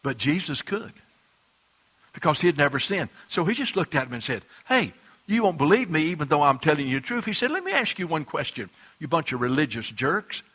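A man preaching a sermon as pastor, swinging between loud emphatic lines and quiet, hushed ones. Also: on the high side, very animated, a little fast, slightly rough.

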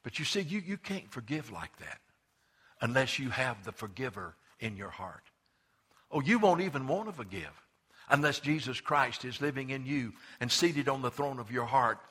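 Male pastor, sermon, emphatic, forceful tone, husky edge, conversational restarts. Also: mid-range voice, big pitch swings, normal speed. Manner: emphatic, swings between loud urging and hushed quiet; repeats words as he restarts, conversational.

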